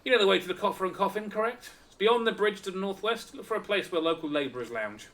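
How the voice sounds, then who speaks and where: A man's voice: high voice, animated, fast, a bit bright, voice pushed up. A man voicing a polite, wordy market produce vendor from a game, with a precise, courteous delivery. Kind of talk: reading game dialogue aloud in voices.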